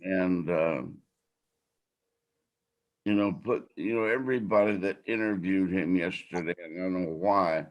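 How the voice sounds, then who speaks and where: An older podcast host speaks slowly and with feeling in a slightly low voice, clearly moved by his subject. His talk is heartfelt and rambling, and the audio sounds dull.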